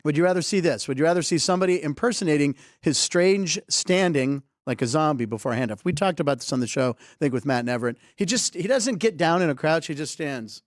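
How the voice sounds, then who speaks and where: Dude hosting a sports comedy show, riffs a lot and laughs, pretty dry mic. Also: male voice, on the high side, animated, fast, few pauses, no echo. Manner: jokey, riffing, laughs often. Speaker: host. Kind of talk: casual sports comedy talk.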